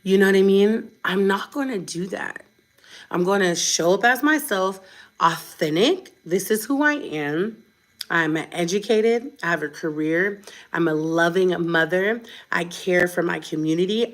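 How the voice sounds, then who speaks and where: A woman's voice: medium pitch, fairly bright tone. A tired woman vlogger and mother, talking straight to camera in a blunt, defiant, chatty way. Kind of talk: unscripted direct-to-camera rant.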